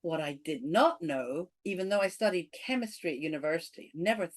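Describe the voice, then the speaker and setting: A woman's voice: on the low side, expressive, a little fast. Enthusiastic woman explaining on a podcast. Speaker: author and brain-based coach, podcast guest. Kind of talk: conversational interview.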